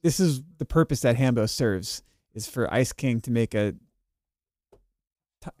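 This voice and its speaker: A young man on a casual podcast, calmly filling in details for his co-host. His voice is mid-pitched and unforced. The sound is dry and close. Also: a little slow, no echo. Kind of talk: casual chat.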